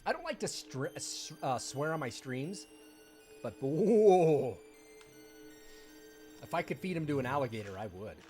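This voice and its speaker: A man's voice: medium pitch, very animated, brisk, few pauses, faint music behind. Candid rambling man streaming a game. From United States. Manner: rambling, candid, bitter and sarcastic asides. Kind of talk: casual live-stream chat.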